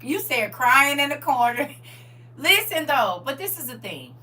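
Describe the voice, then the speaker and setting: A woman hosting a casual livestream chat, talking straight to her viewers in a playful, animated way and laughing often. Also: high-pitched, measured pace. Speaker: livestream host.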